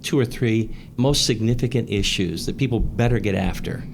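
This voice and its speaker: A man hosting a radio show, asking a guest questions in a calm, conversational way. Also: lowish voice, normal speed, creaky, slight background noise. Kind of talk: interview questions.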